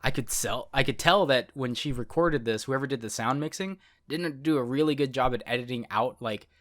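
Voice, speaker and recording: A man's voice: medium pitch, brisk, fairly bright tone. A man co-hosting a podcast in casual chat, rambling and correcting himself, laughing often. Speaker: podcast co-host.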